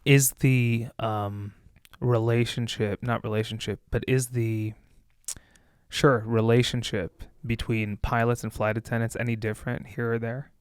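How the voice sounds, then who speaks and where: Casting: male interviewer, mid pitch, smooth clear voice, dry close mic. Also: level tone, a little slow, no room sound. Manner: brief reactions, easygoing questions. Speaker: podcast host. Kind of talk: casual podcast interview.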